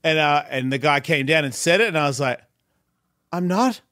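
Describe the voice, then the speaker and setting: A man's voice: on the high side, fairly even intonation, quick pace, bright, forceful tone, dry recording, studio quality. A man, a podcast host, telling an earnest, self-mocking story in casual chat.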